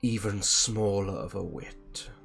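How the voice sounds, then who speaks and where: A man voicing a huge, proud stone giant who speaks slowly and talks down to people. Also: on the low side, creaky, faint music behind. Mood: haughty booming.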